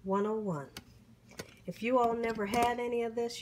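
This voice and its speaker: On the high side and fairly even in intonation, a middle-aged woman's voice moves at a moderate pace in her casual food-tasting vlog, over slight background noise. She savors each bite with hums and whoops, offering warm, churchy blessings and grateful exclamations.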